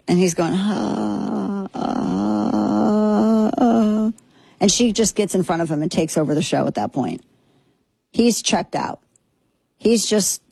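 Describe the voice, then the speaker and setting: A woman's voice: lowish voice, darkish tone, slightly rough, no room sound. A woman hosting a political talk show, delivering a sarcastic, indignant monologue. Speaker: political commentary host.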